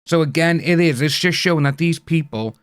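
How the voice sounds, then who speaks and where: Higher-voiced man with quick side comments. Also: clean tone. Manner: short supportive interjections. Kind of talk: casual commentary.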